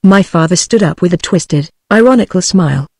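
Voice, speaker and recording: A text-to-speech voice narrating an old detective story audiobook in an even, mechanical reading. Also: mid-range voice, brisk, husky, dry recording, studio quality.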